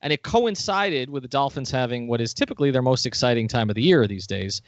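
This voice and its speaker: A man hosting a podcast in casual chat, upbeat and quick to joke. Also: medium pitch, expressive, no room sound. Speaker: podcast host.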